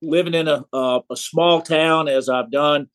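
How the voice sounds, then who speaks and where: A man with a Southern American accent, an author talking in an unhurried, folksy way with frequent pauses and hesitations. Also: a little high, steady tone. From South Carolina, USA. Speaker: author, guest. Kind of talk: casual interview chat.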